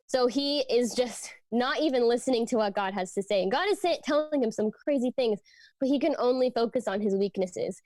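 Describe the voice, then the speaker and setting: A woman's voice: on the high side, moderate pace, a little mellow, no echo. A young woman giving a casual youth sermon, teaching from scripture in an earnest, conversational way with lots of "like" and "um". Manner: conversational, frequent fillers like "like" and "um". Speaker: youth ministry speaker.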